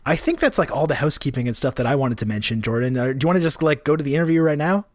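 A man with a Canadian accent co-hosting a podcast, talking in a relaxed, rambling way with fillers and restarts. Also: on the high side, racing, no echo, studio quality. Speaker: podcast co-host. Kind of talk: casual podcast chat.

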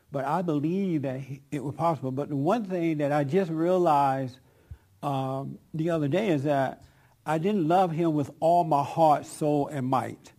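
A man's voice: a little high, a little mellow. A man preaching in a conversational way, leading a group discussion and taking questions. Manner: emphatic, laughs often, calls on people. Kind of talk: conversational sermon with audience questions.

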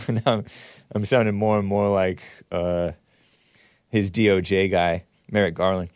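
A man's voice: sits low, little pitch movement, a little slow, darkish tone, clear, resonant tone, dry recording, clean studio sound. A man hosting a show, giving sarcastic, mocking commentary on the news. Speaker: host.

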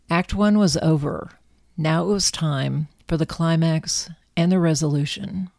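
A woman narrating a storybook in a calm, measured, gentle way. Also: low voice, dry recording, studio quality.

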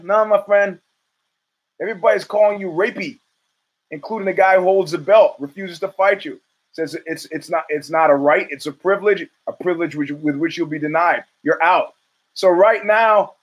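A man's voice: a little high, low-quality recording. A man hosting a podcast, delivering a blunt, profane, riffing monologue of opinionated sports commentary. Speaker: podcast host.

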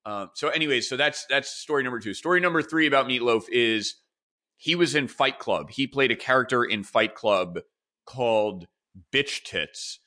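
A man in his forties hosting a podcast, telling rambling, animated stories full of fillers and restarts. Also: medium pitch, moderate pace. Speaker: podcast host. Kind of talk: casual storytelling chat.

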